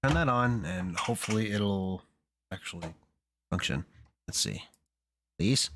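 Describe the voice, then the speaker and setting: A man's voice: sits low, animated, unhurried, fairly bright tone, slight background noise. A man casually thinking aloud to himself as he composes music on a stream, hesitant and muttering. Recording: music playing faintly behind.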